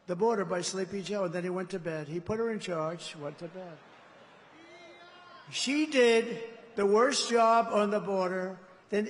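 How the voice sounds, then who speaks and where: A man with a high-pitched voice delivers a rambling, boastful rally speech. He drifts from point to point in a digressive way. His words ring out with a long reverb through a large indoor arena. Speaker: political candidate.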